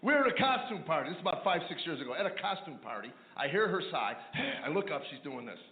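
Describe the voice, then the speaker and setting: A man's voice: on the high side, big pitch swings, fast talker, reverberant. A man doing a stand-up routine, telling wry, sarcastic stories about married life. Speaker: stand-up comedian. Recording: tinny phone-like line with noise.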